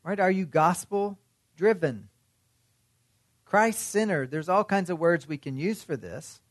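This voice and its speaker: A man's voice: high-pitched, a little slow, no echo, clean studio sound. A man preaching a sermon in a conversational way, often asking his listeners questions. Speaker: pastor.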